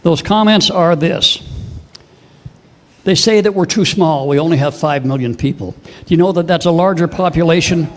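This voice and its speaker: Older male speaker, Canadian accent, slightly higher voice, emphatic rally-style political address. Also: normal speed. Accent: Canadian English. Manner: impassioned, emphatic, rhetorical questions. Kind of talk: public political speech.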